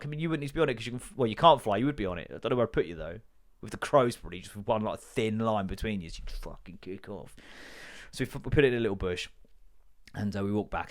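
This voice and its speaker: On his solo comedy podcast, a fast-talking host with a fairly low voice spins sweary, animated stories and performs the voices of everyone he quotes.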